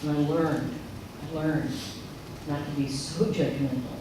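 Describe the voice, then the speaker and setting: A middle-aged speaker delivers a storytelling sermon in a large sanctuary and brings each remembered quote to life. The voice comes from well back from the microphone and rings in a very echoey hall, with steady noise underneath. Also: mid-range voice, unhurried. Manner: animated storyteller who acts out remembered quotes. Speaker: speaker at a spiritual center service. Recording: echoey hall from far off, noisy.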